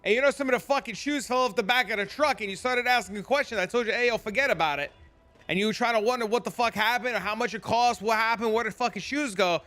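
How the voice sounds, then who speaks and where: A man's voice: very high-pitched, quick pace, sharp tone, no echo, voice pushed up. A man putting on a pushy, profane New Jersey mobster voice. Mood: bullying. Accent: put-on New Jersey. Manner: profane, bullying, rhetorical questions. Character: brash Jersey mobster type, pushy and tough.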